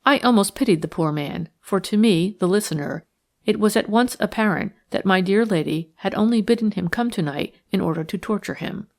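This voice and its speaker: A woman narrating a classic detective novel in a measured, even storytelling manner. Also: medium pitch, vocal fry. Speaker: audiobook narrator. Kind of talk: scripted narration.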